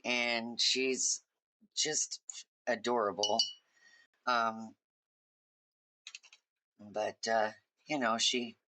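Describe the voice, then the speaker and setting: A woman's voice: a bass voice, sharp tone. A woman hosting a casual livestream from home, chatting in a rambling, friendly way to viewers while she colors. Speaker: livestream host.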